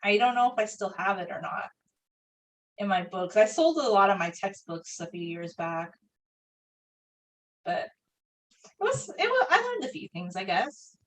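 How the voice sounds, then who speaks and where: A sing-song, medium-pitched woman's voice moves at normal speed, broken by long pauses. She's young, painting on a live stream and casually rambling through a story heavy with "like" and similar fillers, her voice a bit far from the microphone.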